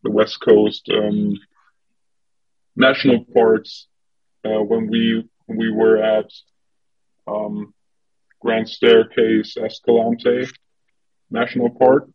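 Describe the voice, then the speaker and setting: Brief: man, second-language speaker, hesitant guest. Low, flat, husky. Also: takes it slowly, long pauses, lo-fi sound. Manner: hesitant, many fillers and restarts. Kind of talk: casual conversation.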